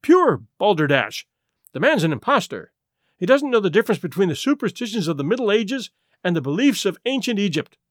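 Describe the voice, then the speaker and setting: A man's voice: sits high, sing-song, fairly quick, dry recording, studio quality. A man voicing an irate male expert who blusters with contempt. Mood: furious. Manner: blustering, angry.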